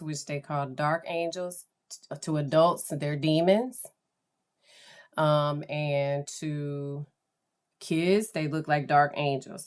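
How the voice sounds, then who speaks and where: A woman psychologist hosting her podcast in casual, chatty talk, often acting out the voices of people she quotes. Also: low voice.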